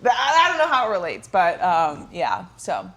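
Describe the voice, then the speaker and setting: A woman's voice: on the low side, wildly swooping pitch, moderate pace, a bit bright. A young woman co-hosting a casual podcast, chatty and joking, often breaking into laughter. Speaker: podcast co-host. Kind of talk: casual chat.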